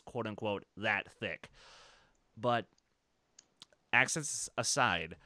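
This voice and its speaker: A man's voice: mid-range voice, bright, forceful tone, clear, resonant tone, no echo, studio quality. A man hosting a casual podcast chat, talking enthusiastically in long rambling stretches and laughing often. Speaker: podcast host.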